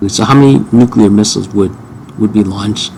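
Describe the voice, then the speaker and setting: A man casually questioning an AI assistant, halting and repeating himself, with dry sarcasm. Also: on the low side, creaky, dark tone, a little hiss or hum. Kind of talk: casual chat.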